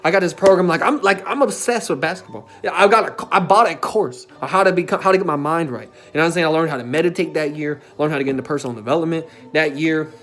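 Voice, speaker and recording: A man's voice: a little high, fast talker, few pauses, fairly bright tone. A young man telling a personal story in a casual, emphatic way, as a self-development coach. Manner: casual and emphatic, with frequent filler tags and swearing.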